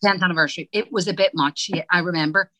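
A woman's voice: on the low side, fairly even intonation, fast, bright, forceful tone, dry recording, low-quality recording. A middle-aged Irish woman and stage actress, chatting in an interview and acting out her own past lines as she tells stories. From Ireland. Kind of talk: casual interview chat.

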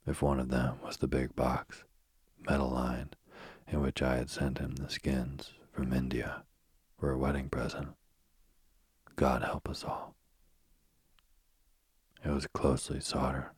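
A man reading a spooky bedtime story in a soft, slow, husky whisper, close to the mic. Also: extremely low pitch, completely flat delivery, dry recording.

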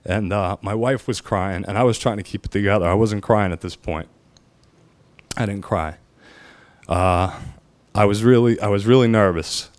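A man telling his own story as a firefighter, halting and emotional, pausing often with fillers. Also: low-pitched, clean tone, no room sound. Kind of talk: personal storytelling.

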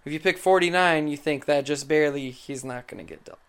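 A young man with a slightly raised voice hosts a loose sports podcast. He teases his co-host, laughs easily and keeps the banter animated. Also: on the high side, clean tone. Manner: teasing, animated, quick laughs. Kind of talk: casual chat.

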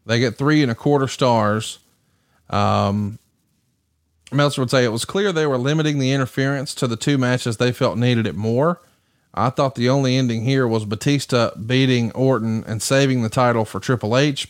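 A man hosting a podcast, briskly recapping match results and then asking his co-host questions. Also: medium pitch, no echo. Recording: dry close mic.

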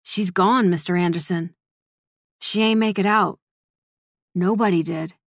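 A woman voicing a young man delivering terrible news breathlessly, in a loud, urgent street-slang delivery. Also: on the low side, a little slow, no echo, studio quality. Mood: grim.

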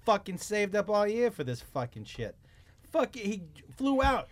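His voice is high and a little slow as this man co-hosts a podcast, animatedly telling stories in casual talk, swearing freely and acting out quotes.

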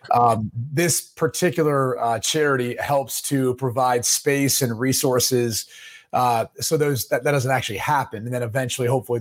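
Easygoing man co-hosting a sports podcast. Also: mid-range voice. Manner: relaxed, joking, drifts into mock voices. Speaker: podcast co-host. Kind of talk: casual sports podcast chat.

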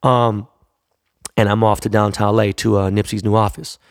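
A man's voice: on the low side, little pitch movement, normal speed, no echo, studio quality. A man, a jeweler, telling a long casual anecdote in a profane, rambling way, acting out the people he quotes. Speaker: jeweler and store owner.

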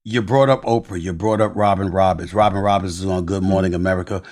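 A man's voice: low-pitched, steady tone, quick pace, a little mellow. A man hosting an interview who makes frequent short acknowledgements and asks long, emphatic questions that build in energy. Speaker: interview host. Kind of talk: interview conversation.

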